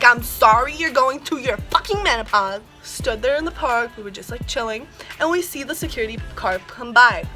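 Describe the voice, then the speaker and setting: A woman's voice: on the high side, sharp tone. A teenage girl telling a storytime vlog in a sassy, profane, ranting way. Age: teens. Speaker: vlogger.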